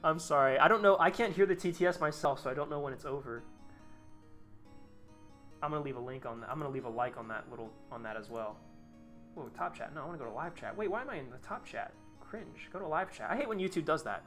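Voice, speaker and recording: Foul-mouthed exasperated streamer man, bright voice. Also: a little high, animated, fast, soft background music. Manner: profane, exasperated outbursts and rambling asides. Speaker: live streamer. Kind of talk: casual live-stream chat while designing a tank.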